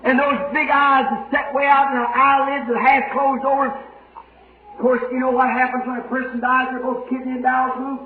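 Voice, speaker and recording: A man preaching a sermon, telling stories dramatically and swinging from hushed to shouting. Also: very high voice, flat delivery, moderate pace, slight background noise. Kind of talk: sermon storytelling. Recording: old echoey lo-fi sermon tape.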